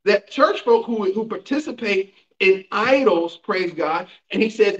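Man, pastor, high voice, emphatic Bible teaching, rhetorical questions, muffled distant mic. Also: normal speed, few pauses. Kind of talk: teaching sermon with call-and-response. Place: church sanctuary. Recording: roomy, dull sound from a distant mic.

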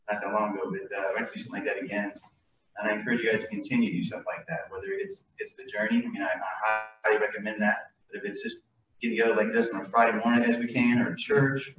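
A man's voice: fairly low pitch, slight background noise. A middle-aged man giving an informal devotional talk before communion, rambling and conversational with many fillers and restarts. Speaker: lay speaker leading communion. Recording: distant, muffled mic in an echoey room.

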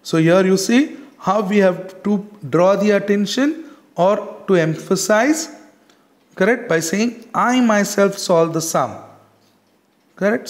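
A man teaching a grammar lesson, stressing example words and checking in with "correct?" again and again. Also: high-pitched. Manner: repeats "correct?" and "got it?" often, stresses example words slowly.

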